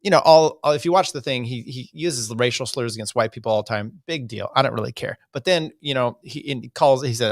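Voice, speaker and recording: A man's voice: mid-range voice, a little fast, creaky, hardly any pauses, no echo, studio quality. A man hosting a podcast, giving casual, rambling commentary with a wry edge. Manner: rambling, many fillers and restarts, wry. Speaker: podcast host.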